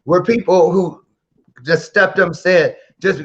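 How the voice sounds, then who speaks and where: A man's voice: high voice, animated, moderate pace, fairly bright tone, dull audio, slight background noise. A man hosting a casual podcast interview, playful and joking. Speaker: podcast host.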